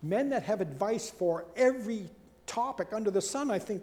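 Preaching at normal speed, this man has a mellow, high-pitched voice that swings widely in pitch and loudness as he animatedly performs the words of people he quotes. Casual asides and rhetorical questions break up the sermon, which echoes with the long reverb of a big hall.

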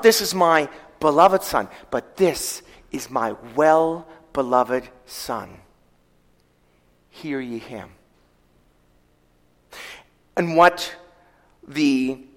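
A man preaching a sermon, retelling scripture in a storytelling way, slowing down for quoted verses and letting his volume rise and fall. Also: a little high, fairly bright tone. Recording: long hall reverb.

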